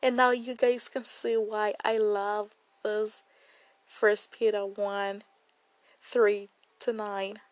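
A woman's voice: mid-range voice, level tone, slow pace, no room sound, poor audio. A young woman giving a devotional Bible reflection in an earnest way, often repeating phrases for emphasis.

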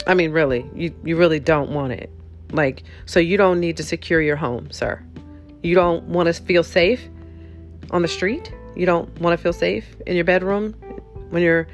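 A woman's voice: lowish voice, natural voice. A snide telemarketer woman, as a host puts her on. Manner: dry, sarcastic, needling.

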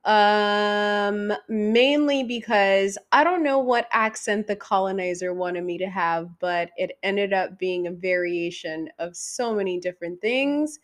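A woman in her thirties hosting a casual solo podcast, swearing freely and teasing the listener directly, her voice going high when she gets excited. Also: unhurried, hardly any pauses. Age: 30s. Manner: profane, teasing, talks straight to the listener. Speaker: podcast host.

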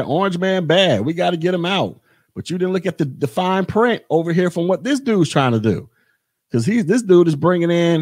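A man's voice: a little high, darkish tone, dry recording, studio quality. A podcast host, a man, delivering a blunt, repetitive political rant in a monologue. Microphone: podcast mic.

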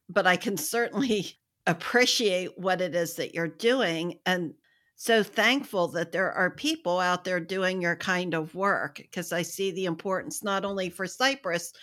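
A woman's voice: on the low side, fairly bright tone. A woman from the United States co-hosting a book podcast, speaking in an effusive, gushing way and laughing often. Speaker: podcast co-host. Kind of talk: casual book-club podcast chat.

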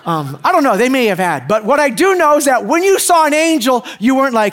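A man in middle age delivers a sermon with a relaxed, joking ease. His voice sits high for a man. He keeps asking the congregation questions as if chatting with them. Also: fairly quick, few pauses. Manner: joking, conversational, asks the crowd questions. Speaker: pastor.

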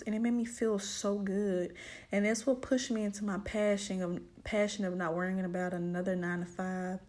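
A woman's voice: medium pitch, a little mellow. A young woman telling her own story as a single mother and autism advocate, with emotional reenactments of her own thoughts. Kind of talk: personal testimonial.

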